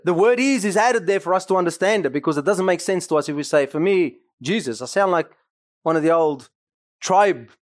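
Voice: mid-range voice, no room sound, clean studio sound. A pastor preaching a sermon emphatically, with asides to the congregation.

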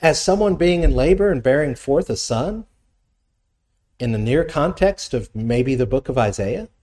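A pastor preaches a teaching sermon in a conversational style, reading scripture aloud between explanations and asking his listeners questions. His mid-range voice has lively intonation, a normal pace and a slightly mellow quality.

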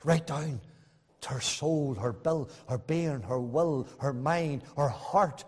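A man preaching a sermon, swinging between loud emphatic bursts and soft, hushed asides. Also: mid-range voice, slow pace, breathy edge. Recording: long reverb in a hall.

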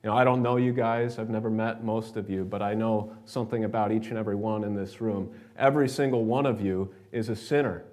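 A man's voice: on the low side, steady tone, a little fast, hardly any pauses, darkish tone. American pastor guy preaching in church, chatty storytelling sermon. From New York. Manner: conversational storytelling preacher, addresses congregation directly. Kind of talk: sermon with scripture reading and prayer. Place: church sanctuary.

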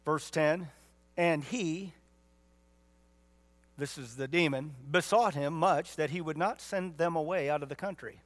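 A man's voice: on the high side, a little slow, pauses often. A man pastor preaching a sermon with emphatic rhetorical questions and folksy asides.

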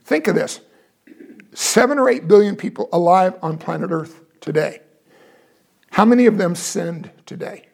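A man teaching from the Bible in a high, gravelly voice. He explains carefully and keeps asking his listeners questions to make his point. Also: animated, moderate pace, pauses often, darkish tone.

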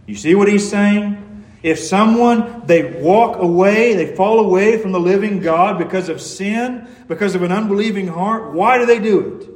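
A man's voice: sits high, normal speed. A man preaching a sermon, earnest and pleading, pressing each point home with emphasis. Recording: roomy echo.

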